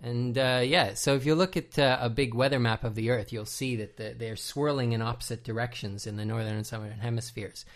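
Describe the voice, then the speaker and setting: A man's voice: medium pitch, fairly even intonation, fairly quick, few pauses. Male podcast co-host with a mid-range voice, patiently explaining trivia in a hesitant, casual manner. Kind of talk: casual commentary chat.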